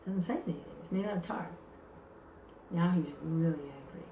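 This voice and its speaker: A woman teaching a devotional scripture class, telling a story in a relaxed, chatty way. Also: on the low side, normal speed, gravelly, a little hiss or hum. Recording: echoey room with faint ambience.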